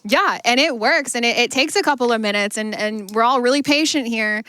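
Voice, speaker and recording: A woman running a live tabletop game as game master, narrating playfully with quick improvised asides. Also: on the high side, sharp tone, clean tone, dry recording. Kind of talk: live tabletop role-play at a charity marathon. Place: live charity marathon stage.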